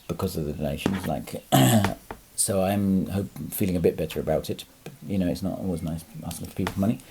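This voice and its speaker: A man's voice: low-pitched, gravelly, mellow, a little hiss or hum. A man talking casually to camera as a lorry driver vlogger, rambling with fillers and restarts and swearing freely when he gets angry. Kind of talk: casual vlog monologue.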